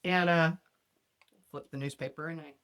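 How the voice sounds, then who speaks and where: A woman's voice: sits low, normal speed. A woman hosting a podcast in a casual chat, telling stories bluntly and with plenty of cursing. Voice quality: profane, blunt. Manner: animated storyteller who acts out other people's lines. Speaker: podcast host.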